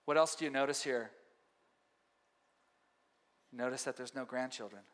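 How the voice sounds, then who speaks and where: A male pastor preaching a sermon in a church, conversational and animated, often acting out quotes. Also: mid-range voice, moderate pace. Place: church sanctuary. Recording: long hall reverb.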